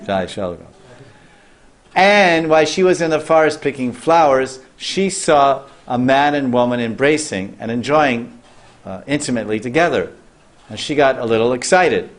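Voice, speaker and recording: A man at middle pitch tells a sacred story as a sermon. He talks loosely, restarts his phrases and turns to the listeners with questions. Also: lively intonation, moderate pace. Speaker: spiritual teacher.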